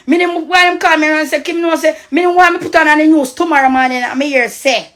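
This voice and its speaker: On her live stream, a high-voiced woman with a fairly bright tone rants angrily and with lots of profanity at a fairly quick clip. She's a Costa Rican social media personality who speaks with a Jamaican Patois accent.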